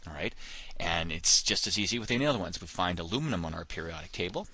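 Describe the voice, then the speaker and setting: Deep, bright-toned male chemistry teacher. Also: lively intonation, fast talker, a little hiss or hum. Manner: explanatory, frequent "of course" and "all right" fillers. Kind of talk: recorded classroom lesson.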